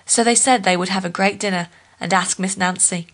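Female storyteller, steady folk-tale reading. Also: medium pitch, brisk.

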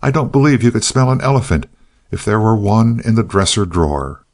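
A man voicing a boastful, gullible male wire-haired terrier in a storybook reading, in an eager, excitable manner. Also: on the low side, fairly quick. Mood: scoffing.

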